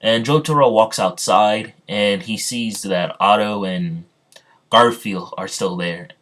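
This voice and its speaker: Halting male fan-story narrator. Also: fairly low pitch, a bit bright. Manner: halting, with frequent ums and restarts.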